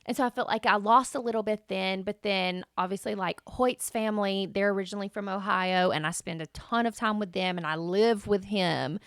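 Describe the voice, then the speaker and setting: A woman with a softened Southern US accent talks casually and with strong opinions as a podcast co-host, sometimes spelling words out letter by letter. She has a mid-range pitch. The recording is dry and close. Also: fairly quick, few pauses, smooth, no room sound. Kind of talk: casual chat.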